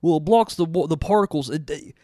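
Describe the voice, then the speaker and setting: A man's voice: a little high, fairly quick, warm tone, no echo, studio quality. A man co-hosting a casual chat, ranting with heat, swearing a lot and restarting his sentences. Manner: rambling, heated, swears a lot, many restarts.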